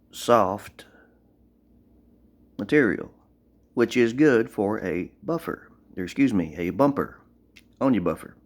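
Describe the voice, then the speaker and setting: Man from Tennessee, very low voice, plainspoken vlogger filming on a phone, rambling and blunt. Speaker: gun owner vlogger. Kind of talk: casual show-and-tell gun review.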